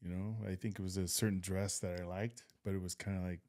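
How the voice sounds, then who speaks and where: A man's voice: low-pitched, flat delivery, fast. A man co-hosting a podcast in a casual chat, speaking hesitantly with many fillers. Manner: soft-spoken, hesitant, many fillers and backchannels. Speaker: podcast co-host.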